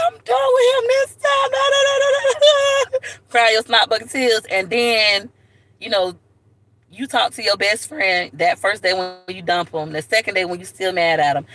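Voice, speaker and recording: Brief: bright, forceful woman host lecturing her viewers on relationships with sass. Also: mid-range voice. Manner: sassy, preachy, talks straight to the viewer. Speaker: livestream host. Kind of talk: comedic relationship-advice rant.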